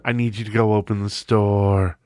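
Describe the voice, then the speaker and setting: A man mimicking a former male video store boss who nags and pleads, in a pushy voice a little higher and louder than his own. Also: little pitch movement, normal speed, no room sound, studio quality, close to an everyday voice. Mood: pleading. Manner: pleading, nagging.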